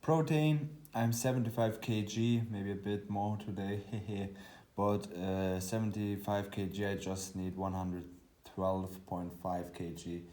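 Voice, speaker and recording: A man in his twenties, a fitness vlogger chatting casually to camera, rambling and halting and often correcting himself mid-sentence. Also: fairly low pitch, little pitch movement, warm tone. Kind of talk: casual vlog chat to camera.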